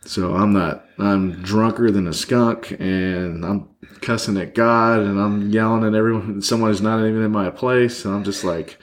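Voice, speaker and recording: Sitting across a table from the host, a man appears as a podcast guest and tells a candid personal story. His fairly low voice stays steady at a normal speed, and the telling rambles with many fillers.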